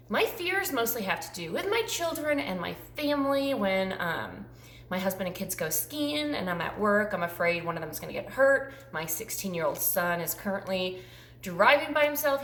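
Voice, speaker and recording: A woman's voice: medium pitch, a bit bright, echoey room. A woman in her forties chatting casually through a tag video, rambling with frequent ums. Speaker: YouTuber.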